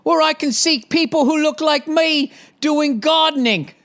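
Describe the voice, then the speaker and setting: A man's voice: very high-pitched, unhurried, a bit bright, pitched above the performer's own voice. A man voicing a young royal bride in a put-on British accent, narrating crudely and mockingly.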